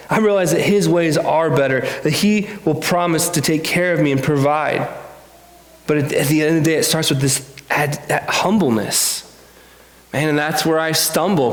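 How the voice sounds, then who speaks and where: A man's voice: fairly high pitch, reverberant. A man preaching a conversational sermon in a church, earnest and confessional, often restarting his sentences.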